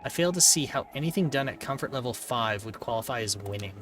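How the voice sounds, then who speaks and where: A man's voice: mid-range voice, animated, quick pace, fairly bright tone, slight background noise, close to an everyday voice. A man voicing a stern, formal woman who speaks in a stiff, serious way.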